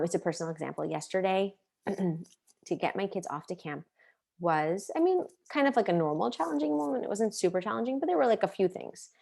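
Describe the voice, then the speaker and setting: A woman's voice: fairly low pitch, creaky. A woman in her thirties teaching an online parenting class, earnest and full of questions, sharing personal stories. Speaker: parenting coach.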